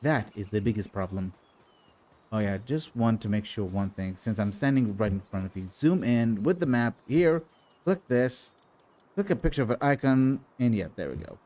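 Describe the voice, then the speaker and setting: A man's voice: lowish voice, expressive, moderate pace, darkish tone. A man giving casual commentary on a playthrough of a video game, rambling and often restarting his sentences. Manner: rambling, with frequent restarts and repeated words. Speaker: gaming video host.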